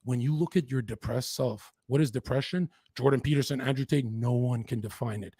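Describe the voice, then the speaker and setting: A husky-voiced man from western Canada speaks as a podcast guest, recounting his life in an intense, rapid-fire, profane rush. The recording is close and dry, with no room sound. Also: medium pitch, mellow, no room sound. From Lower Mainland, Canada. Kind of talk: candid storytelling in an interview.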